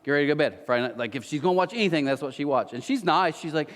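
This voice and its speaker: Racing through his sermon, this pastor's voice sits on the high side and rings with big-room sound. He preaches in a church auditorium, spinning lively stories full of playful asides.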